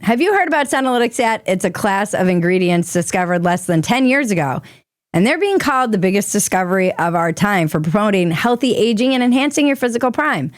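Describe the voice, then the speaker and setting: A woman's voice: medium pitch, expressive, fairly quick, dry recording, studio quality. A woman hosting a comedic news commentary show, irreverent and crude in her jokes. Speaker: host.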